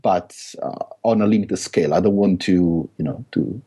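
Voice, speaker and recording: Italian-accented man, very deep husky voice. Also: moderate pace, warm tone, lo-fi sound. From Italy. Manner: hesitant, many fillers and restarts. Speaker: guest author. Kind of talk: podcast interview.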